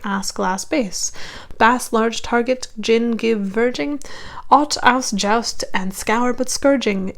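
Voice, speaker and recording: A woman with a Midwestern American accent, a linguist, reading a poem carefully and deliberately, then chatting casually to her viewers. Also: fairly high pitch. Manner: careful, deliberate reading with slowed-down tricky words. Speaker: linguist and channel host.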